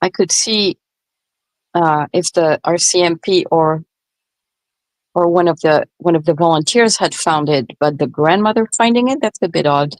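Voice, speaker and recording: A woman's voice: fairly low pitch, normal speed, no room sound, poor audio. A woman co-hosting a casual true-crime chat, asking questions and agreeing along. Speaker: co-host.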